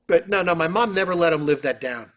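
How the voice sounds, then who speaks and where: A man, a guest on an interview, telling stories and answering questions in an animated, casual way over a video call. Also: on the high side, fast. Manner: animated, lots of fillers. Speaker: orchestra trumpeter, interview guest. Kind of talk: casual storytelling.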